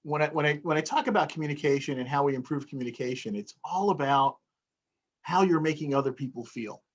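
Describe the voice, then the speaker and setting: In a casual interview, a motivational speaker makes his point by performing phrases in different tones of voice. He speaks fast with a voice on the high side, captured in lo-fi sound.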